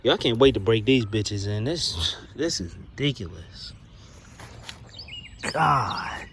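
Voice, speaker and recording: An excitable young man talks through an unboxing in loose slang, cursing freely as he goes. His pitch swings widely from low mutters to high exclamations. He records outdoors on a phone, with a clear layer of noise behind him. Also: slow, pauses often. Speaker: car audio vlogger. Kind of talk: casual unboxing commentary. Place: outdoors by a car.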